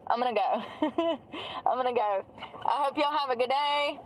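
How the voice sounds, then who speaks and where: A woman's voice: high voice, moderate pace, slight background noise, poor audio. A woman vlogging from inside a vehicle, ranting in a sarcastic, profane way. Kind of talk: ranting vlog.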